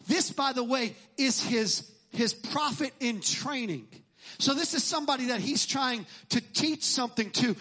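A middle-aged male pastor preaching a sermon in a church, speaking emphatically and sometimes shouting, and acting out the lines he quotes. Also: very high voice.

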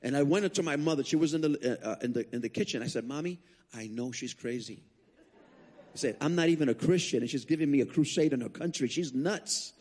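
A man preaching as a guest speaker, telling his testimony as an animated story with frequent restarts. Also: on the high side, fast talker, hardly any pauses. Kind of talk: sermon testimony.

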